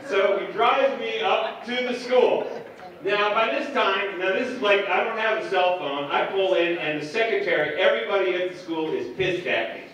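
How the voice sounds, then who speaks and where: A man telling a comic, self-mocking story to a live audience from the stage, recorded from far off in an echoey hall. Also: fairly high pitch.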